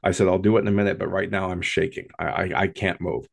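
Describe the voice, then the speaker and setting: A man recounts his own paranormal experience at a slow, hushed pace that builds drama. His voice sits very low. It carries a gravelly rasp all the way through. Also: steady tone, noisy background. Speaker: storyteller. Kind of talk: first-person paranormal story.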